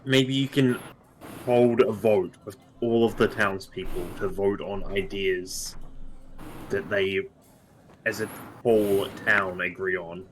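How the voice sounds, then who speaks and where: A man calmly making a suggestion in an online tabletop game. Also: on the low side, slow pace, a little hiss or hum, rough recording. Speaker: player.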